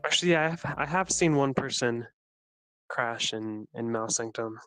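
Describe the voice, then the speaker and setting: A man's voice: mid-range voice, normal speed, clean tone. A man in a middle voice, loose and joking as he plays through a dungeon with friends. Faint game music hums behind him. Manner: relaxed, jokey, laughs often. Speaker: streamer playing as mage. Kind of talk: casual gaming chat.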